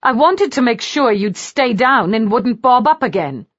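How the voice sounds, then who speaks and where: A woman narrator voicing a fiery, sharp-tongued young noblewoman who snaps and gives orders. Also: on the high side, lively intonation, unhurried, no echo, muffled recording, pitched above the performer's own voice. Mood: sharp, scornful. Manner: snapping, scornful, commanding.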